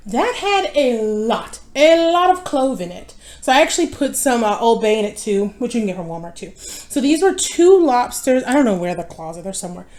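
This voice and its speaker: A woman's voice: fairly high pitch, a little mellow. A young woman in casual chat while eating, tired and rambling, often correcting herself. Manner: rambling, easily distracted, self-correcting. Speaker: mukbang vlogger. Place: home.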